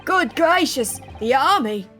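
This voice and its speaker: A woman's voice: high voice, lively intonation, takes it slowly, fairly bright tone, faint music behind, exaggerated voice. A woman voicing a pompous male judge who scolds and presides over a trial. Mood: stern. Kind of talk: voicing game dialogue aloud.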